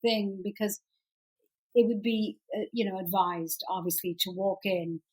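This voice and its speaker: A middle-aged Irish actress chatting as an interview guest, lively and quick to laugh. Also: female voice, medium pitch, husky, low-quality recording. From Ireland. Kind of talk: casual interview chat.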